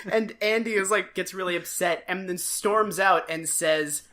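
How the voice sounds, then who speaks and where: A woman co-hosting a podcast, recapping an old TV episode in casual chat, sarcastic and given to loud mock impressions. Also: fairly low pitch, moderate pace, hardly any pauses. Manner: sarcastic, animated, mimics characters with big voices. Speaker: podcast co-host.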